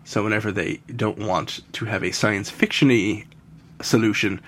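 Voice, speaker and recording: A man's voice: fairly low pitch, steady tone, moderate pace, fairly bright tone, slight background noise. A man casually recapping a TV episode, rambling and laughing often. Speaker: podcast co-host recapping an episode. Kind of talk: casual chat.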